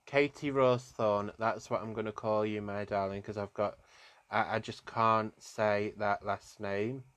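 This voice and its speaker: A low-pitched man talks slowly and tenderly as a psychic medium in a live-streamed tarot reading. He sounds gentle and emotional, and he fondly calls his viewers darling. The dry, close sound has no room echo. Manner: gently emotional, soft-spoken.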